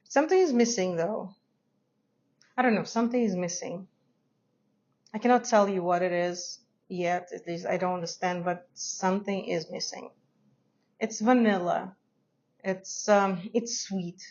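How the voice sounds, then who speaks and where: Non-native english woman chatting about perfumes, mid pitch, kinda lo-fi sound. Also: unhurried, pauses often, darkish tone. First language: not English. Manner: chatty, hesitant, laughs often. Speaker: fragrance reviewer. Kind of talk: casual review to camera.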